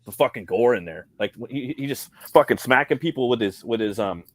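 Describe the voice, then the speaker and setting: Brisk and expressive, a medium-pitched man co-hosts a casual film discussion streamed live from a convention. He rambles, curses constantly, and keeps asking "you know what I mean," all in a dry recording.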